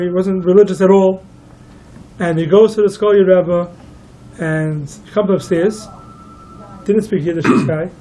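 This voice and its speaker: High-voiced rabbi telling a story. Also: male voice, slight background noise, poor audio. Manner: animated storyteller, quotes each figure in turn. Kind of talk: storytelling talk.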